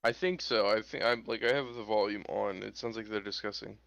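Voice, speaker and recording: A man's voice: lowish voice, fairly even intonation, fairly quick, vocal fry, a bit bright, no room sound, dull audio. A man co-hosting a game stream, laid-back and joking. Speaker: co-caster. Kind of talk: casual stream chat.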